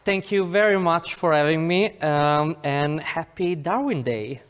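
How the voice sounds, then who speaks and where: A man giving a public science lecture as guest speaker, halting and full of "uh" fillers. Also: a little high, fairly bright tone, clear, resonant tone. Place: lecture venue, indoors. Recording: long reverb of a lecture hall.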